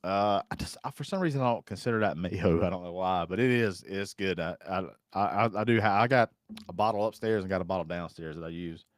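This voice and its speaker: A man's voice: low voice, a little fast, dry recording, studio quality. A man hosting a casual live stream, rambling in a folksy way and reading viewer comments aloud. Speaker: host.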